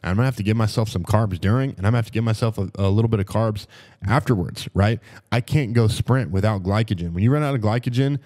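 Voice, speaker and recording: Low-voiced man, emphatic and mellow. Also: quick pace. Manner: emphatic, repeats phrases for stress. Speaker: podcast co-host. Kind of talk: motivational podcast talk.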